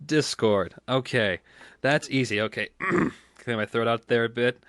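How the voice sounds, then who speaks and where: A man's voice: mid-range voice, measured pace, fairly bright tone, no room sound, studio quality. A man hosting a casual podcast, joking around and trying out character voices. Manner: playful, jokey, laughs often. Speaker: podcast host. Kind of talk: casual chat, doing voices.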